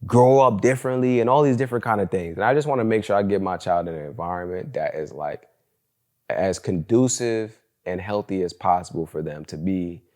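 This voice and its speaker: This solo podcast host is a young man with a low, slightly mellow voice. He tells stories casually and candidly in slang, sprinkling "bro" and "like" throughout.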